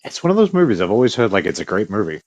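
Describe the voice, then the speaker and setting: A man's voice: lowish voice, sing-song, racing, darkish tone, dull audio. A man co-hosting a podcast in casual chat, wry and joking, laughing often. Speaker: podcast co-host.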